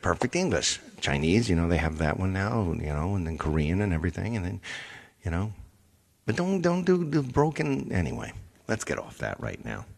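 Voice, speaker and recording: A man's voice: low-pitched, gravelly, a bit bright, husky. A man hosting a show, talking in a rambling, casual monologue full of fillers. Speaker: show host.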